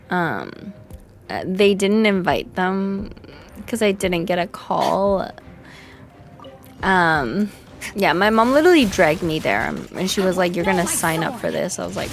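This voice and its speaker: A woman's voice: on the low side, animated, slow, long pauses, faint music behind. A young woman streaming, chatting casually with her chat in a frank, crude, self-mocking way with frequent laughs. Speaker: vtuber streamer. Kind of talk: casual livestream chat reading comments.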